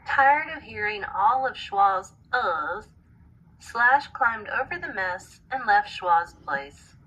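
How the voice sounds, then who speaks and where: Teacher lady reading a story out loud, slow, bright, kinda breathy. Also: mid-range voice, animated, muffled recording. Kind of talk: reading a storybook aloud to a class.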